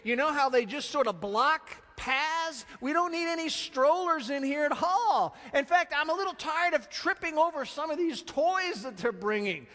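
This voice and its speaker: A man voicing fussy, exasperated male disciples who shoo children away, in a high, emphatic, bossy tone. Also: lively intonation, normal speed, few pauses, sharp tone, heavily acted. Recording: long reverb of a large hall.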